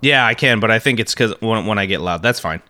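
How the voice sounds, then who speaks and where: A man's voice: lowish voice, quick pace, pushed and bright. A man from the Midwest co-hosting a podcast, chatting casually and ranting with heavy profanity and frequent laughter. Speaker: podcast co-host.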